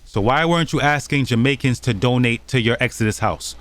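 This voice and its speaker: A man's voice: medium pitch, a little fast, fairly bright tone. Man scolding in accusatory commentary. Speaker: channel host. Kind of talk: commentary over clips.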